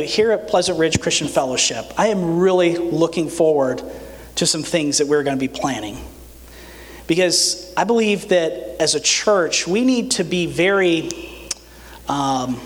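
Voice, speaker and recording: A high-voiced man preaches with earnest, animated conviction and a touch of humor. His voice carries a long, lingering reverb from the church hall around him. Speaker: pastor. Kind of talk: sermon.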